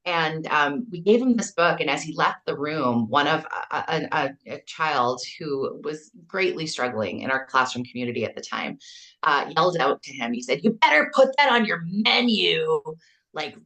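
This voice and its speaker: A middle-aged Canadian kindergarten teacher with a Canadian accent, earnestly telling stories in a podcast interview and acting out the quotes with animation. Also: female voice, deep voice, moderate pace. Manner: earnest, storytelling, acts out quotes with lively animation. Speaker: kindergarten teacher and author, guest.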